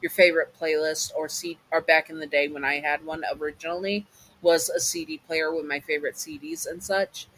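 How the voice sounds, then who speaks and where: A man reading a fan fiction comfort story aloud in a casual way, halting often to restart and apologize. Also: on the high side, level tone, fairly bright tone, low-quality recording.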